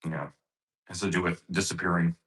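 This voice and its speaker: Deep, bright-toned man chatting casually. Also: steady tone, brisk. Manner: brief agreeing replies. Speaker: podcast co-host. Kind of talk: casual chat.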